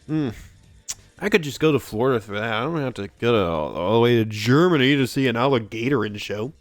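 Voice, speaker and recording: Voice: mid-range voice, expressive, a little fast, dry recording, soft background music. A streamer from Texas, giving playful, giggly commentary while playing a game and sounding out German ride names.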